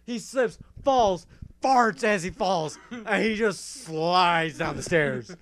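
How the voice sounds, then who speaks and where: A young man hosting a casual talk show, telling a story in an animated way, laughing and swearing often. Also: sits high, measured pace. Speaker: podcast host.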